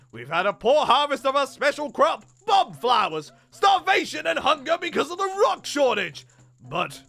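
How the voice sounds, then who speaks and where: A man voicing Darunia, a gruff, hot-tempered Goron boss, bellowing indignantly while reading game dialogue aloud. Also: sits high, pushed and bright, voice pushed up, full character voice. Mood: ranting. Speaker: streamer.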